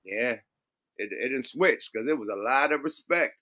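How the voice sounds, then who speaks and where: A man co-hosting a casual talk show, profane and loud, acting out others' voices. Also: animated, normal speed. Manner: loud, profane, acts out voices with big pitch jumps. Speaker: podcast co-host. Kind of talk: casual chat.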